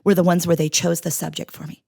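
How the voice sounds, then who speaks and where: A woman, a writing professor and tutor, chatting casually on a podcast and telling lively stories. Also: on the low side, fast talker, creaky, husky, no echo, clean studio sound. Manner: animated storyteller, puts on voices when quoting.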